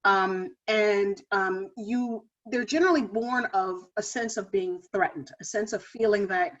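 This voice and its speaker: A woman's voice: mid-range voice, measured pace. A woman giving a conference talk, speaking thoughtfully with frequent fillers. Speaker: presenter. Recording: dull lo-fi recording.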